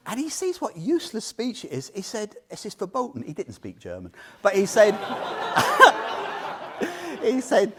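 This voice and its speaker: Against a noisy background, a man with a high-pitched voice delivers an informal Buddhist talk at a measured pace. The teacher animates his stories for the small group, asking them questions and laughing often.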